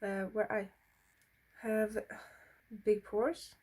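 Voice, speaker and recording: Slow-talking Swedish-accented woman. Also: mid-range voice, level tone, warm tone. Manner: blunt, swears freely, chatty. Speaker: beauty vlogger. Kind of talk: casual makeup tutorial chat.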